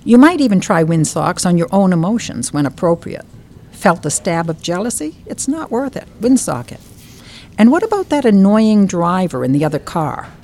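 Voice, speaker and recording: Older woman author, low mellow voice, expressive reading, faint room noise. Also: moderate pace. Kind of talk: reading from her book, then interview chat. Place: bookstore.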